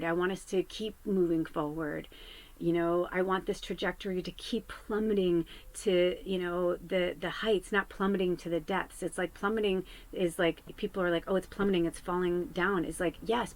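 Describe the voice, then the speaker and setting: A woman's voice: lowish voice, poor audio. A woman tarot reader and medium chatting candidly and earnestly with her viewers, swearing freely and encouraging them. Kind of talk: casual spiritual chat to viewers.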